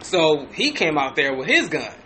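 A man with a high, bright voice tells a story on a casual podcast. He talks in an animated way, full of profanity, and often stops to restart his sentences. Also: moderate pace, slight background noise. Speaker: podcast host.

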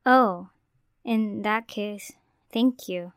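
A woman's voice: medium pitch, extremely slow, fairly bright tone, clear, resonant tone, no room sound, studio quality. A woman doing a weak, eerie ghost woman. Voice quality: small, weak voice.

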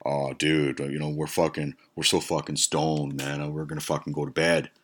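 A man's voice: very deep voice, little pitch movement, moderate pace. A man doing a shrugging stoner buddy. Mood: careless. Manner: shrugging, dismissive, profane. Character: careless stoner male buddy, young adult.

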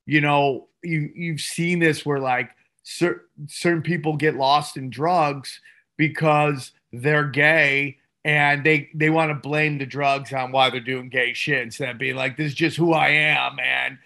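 A podcast co-host with a bright, sharp voice that sits a little high. He jokes crudely and gets excitable as he chats. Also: slow. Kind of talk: casual comedic chat.

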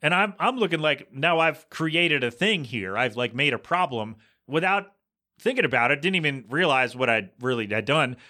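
A man on a podcast telling a rambling anecdote in a casual, animated way, acting out the people in it as he goes. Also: medium pitch, normal speed. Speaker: podcast co-host. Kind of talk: casual storytelling chat.

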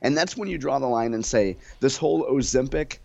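A man's voice: mid-range voice, expressive, fairly quick, creaky, a little mellow, lo-fi sound. A man in his forties co-hosting a radio talk show, chatty and wry with jokes. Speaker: radio co-host.

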